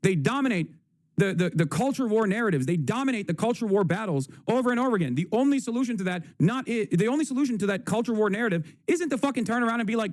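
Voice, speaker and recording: A man's voice: high voice, expressive, fast, dry recording, studio quality. A man hosting a livestream, giving profane, combative and sarcastic political commentary. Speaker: livestream host.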